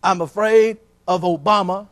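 A man's voice: high voice, a little slow, fairly bright tone, dry recording, studio quality. A man voicing a proud, blunt soldier delivering a joke punchline.

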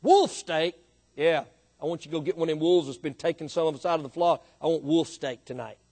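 A man voicing a stubborn, picky sheep that grumbles low and demands meat. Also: lively intonation, a little fast, darkish tone. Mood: demanding.

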